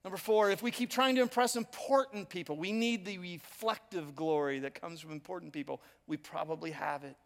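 A man's voice: high-pitched, fairly quick, vocal fry, few pauses. A male pastor delivering a sermon, telling stories in a conversational, self-deprecating way. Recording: long hall reverb.

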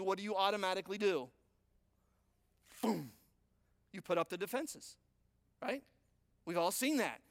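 A middle-aged man preaching, his voice sitting high for a man. He tells stories with animation, jumping from loud, emphatic lines to quiet, hushed asides. The sound is dry and close. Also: no echo. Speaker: pastor. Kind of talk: sermon.

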